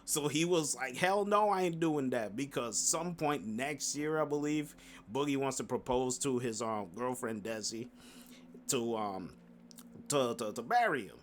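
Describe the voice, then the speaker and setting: A man's voice: mid-range voice, measured pace, a little hiss or hum. Guy ranting about a stream he watched, laughs a lot, slangy and rambly, ordinary mid voice. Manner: loose and rambling, laughs often, animated retelling; frequent fillers and restarts, slangy. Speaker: commentary YouTuber. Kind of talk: casual stream recap commentary.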